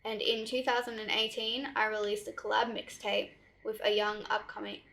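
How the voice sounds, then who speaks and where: A woman's voice: mid-range voice, flat delivery, moderate pace, vocal fry, fairly bright tone, low-quality recording. A woman reading out quiz clues plainly on a podcast. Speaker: quiz reader.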